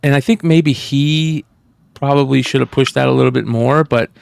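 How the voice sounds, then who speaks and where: Gravelly-voiced blunt male podcast host. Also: mid-range voice, fairly even intonation, normal speed, a little mellow, dry recording. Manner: blunt, profane and exasperated. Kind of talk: casual podcast chat.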